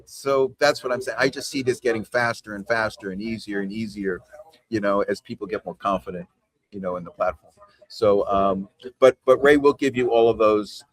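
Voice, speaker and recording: A man's voice: lowish voice, fairly even intonation, moderate pace, no room sound. A man coaching a team over a video call. He talks in a casual, conversational way and keeps checking in with "right?" and "you know.". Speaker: trainer leading a team call.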